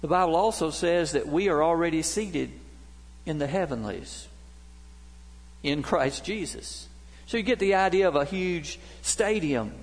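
A man's voice: on the high side, animated, unhurried. A middle-aged male pastor preaching a sermon, telling stories as his voice rises and drops. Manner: storytelling preacher, voice rising and dropping. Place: church sanctuary. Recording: long reverb of a big hall.

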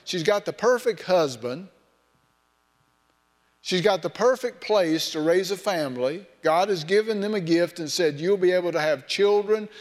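A man preaching a sermon in a folksy, storytelling way, mixing scripture with personal anecdotes. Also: high-pitched. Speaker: pastor. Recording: long hall reverb.

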